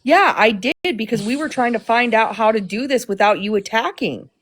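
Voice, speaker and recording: A woman's voice: fairly high pitch, expressive, normal speed. Emphatic woman co-hosting a livestream. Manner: emphatic and insistent, repeats points for stress. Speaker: livestream co-host. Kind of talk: casual livestream chat.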